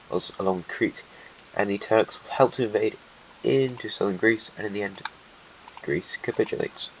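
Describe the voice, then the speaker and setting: Male narrator, lowish voice, dry sarcastic map commentary, dull home mic with faint hiss. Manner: offhand, sarcastic, mutters asides while drawing. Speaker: alternate history narrator. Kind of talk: casual map-drawing narration.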